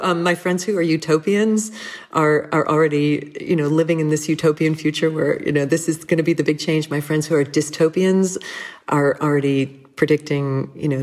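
Middle-aged woman guest with a very low voice; thoughtful, candid, given to soft laughs. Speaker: interview guest. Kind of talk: reflective conversational interview.

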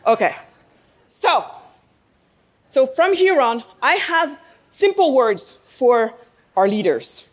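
A woman with a high voice speaks to a live audience in a room. She delivers a passionate speech as a business owner, throwing out rhetorical questions and pausing to let points land. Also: very animated. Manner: emphatic, with pauses for effect.

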